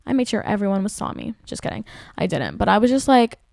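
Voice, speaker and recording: A woman in her twenties hosting a podcast, telling a work story in casual chat, venting and animated with lots of "like". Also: medium pitch, fast talker, vocal fry, dry recording, studio quality. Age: 20s. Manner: venting, animated, heavy use of "like". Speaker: podcast host.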